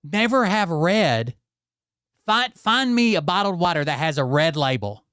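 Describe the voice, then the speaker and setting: A man hosts his channel with a casual, profanity-laced rant aimed straight at his viewers, sounding exasperated throughout. His voice sits a little high for a man and comes across smooth and resonant. The sound is close and dry, with no room echo. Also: animated, unhurried, fairly bright tone. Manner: exasperated, swears often, addresses viewers directly. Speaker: channel host.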